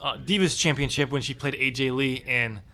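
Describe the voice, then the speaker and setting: A man's voice: medium pitch, brisk, vocal fry, sharp tone. A man co-hosting a wrestling podcast in casual chat, opinionated and chatty, with frequent ums. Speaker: podcast co-host.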